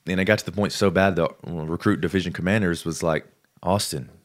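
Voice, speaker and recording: A man's voice: sits low, fast. A man, a podcast guest, telling a story in casual talk and acting out the people he quotes. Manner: lively, acts out the people he quotes.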